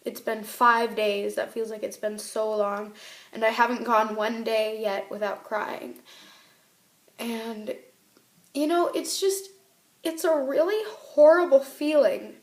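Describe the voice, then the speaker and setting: A woman's voice: fairly high pitch, steady tone, takes it slowly, reverberant. A teenage girl vlogging tearfully about a breakup, rambling and emotional, with her voice rising and breaking. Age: teens. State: tearful, crying. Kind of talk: tearful personal vlog.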